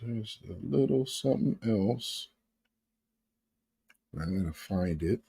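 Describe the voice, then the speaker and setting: Guy hosting a commentary show, slow drawl, lots of ums. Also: on the low side, animated, vocal fry, warm tone, slightly rough. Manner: slow, drawling, loose with fillers. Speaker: commentary host. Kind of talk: casual commentary.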